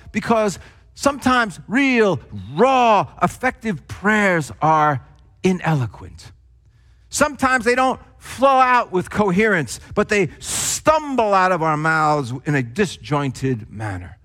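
An older man from New Jersey delivers a sermon in a high, light voice. He leans hard on stressed words, then lets his phrases sink to quiet, drawn-out endings. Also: big pitch swings. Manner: emphatic, swings between hushed drops and raised stresses. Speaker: pastor.

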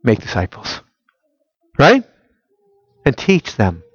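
A man preaching a sermon. He keeps asking the listeners rhetorical questions and swings between loud emphasis and quiet, intimate prayer-like tones. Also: mid-range voice, wildly swooping pitch, slow, husky, no echo, lo-fi sound. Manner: asks the audience rhetorical questions. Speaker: pastor.

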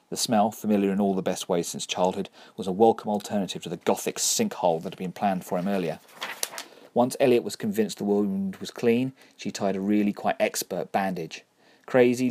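A man narrating a story in a dry, wry, measured way. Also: deep voice, warm tone, dry recording. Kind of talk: scripted narration.

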